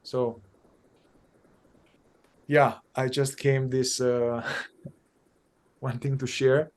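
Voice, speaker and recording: A man who works as a psychotherapist, talking through his methods in conversation, animated and thinking aloud, often repeating and restarting phrases. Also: medium pitch, drawn-out words, a little hiss or hum. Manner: animated, acts out exchanges with clients. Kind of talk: conversational dialogue on spiritual practice.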